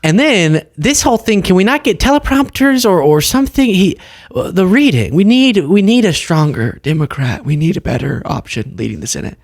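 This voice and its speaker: A man hosting a political commentary show, talking casually with animated sarcasm. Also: sits high, moderate pace.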